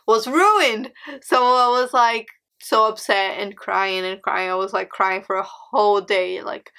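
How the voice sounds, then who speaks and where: A woman's voice: fairly high pitch, pushed and bright. A young woman whose first language is Portuguese, telling a dramatic storytime with frequent laughs and exclamations. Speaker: vlogger. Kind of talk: storytime vlog.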